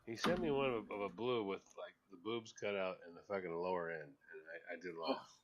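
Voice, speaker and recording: Animated man hosting crude radio banter. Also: lowish voice, fairly quick, muffled recording. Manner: animated, profane, repeats himself. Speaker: radio show host.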